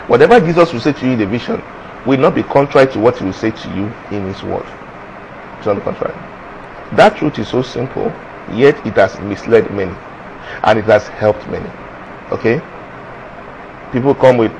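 A man's voice: mid-range voice, a little fast, long pauses, muffled recording, slight background noise. A man preaching a sermon with energy, firing off rhetorical questions and answering them himself. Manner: animated, asks the audience rhetorical questions.

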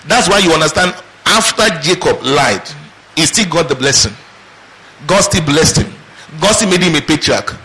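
A man's voice: a little high, animated, normal speed, sharp tone, rough recording. A man preaching a sermon, asking rhetorical questions and answering them in call-and-response. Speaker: pastor.

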